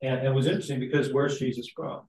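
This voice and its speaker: A man teaching a Sunday school class in a conversational way, often checking in with the group with tag questions and lively asides. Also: medium pitch, racing. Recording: echoey room, mic at a distance.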